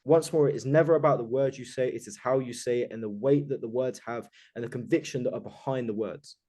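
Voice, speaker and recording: A man's voice: medium pitch, fast talker, a little mellow. Emphatic, self-assured male coach. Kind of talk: coaching group call. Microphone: video call.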